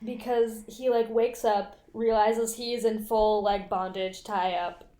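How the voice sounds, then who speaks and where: A woman co-hosting a podcast, chiming in on a TV recap with quick crude reactions and playful asides. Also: mid-range voice, level tone, mellow. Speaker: podcast co-host. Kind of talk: casual episode recap chat. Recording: echoey room.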